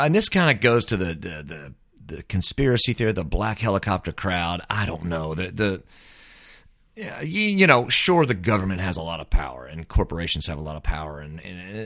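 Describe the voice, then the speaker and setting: A man's voice: low voice, very animated, normal speed, pushed and bright, no echo, studio quality. A man hosting a podcast, rambling in a folksy, casual way, often tossing in "man". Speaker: podcast host. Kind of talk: casual monologue.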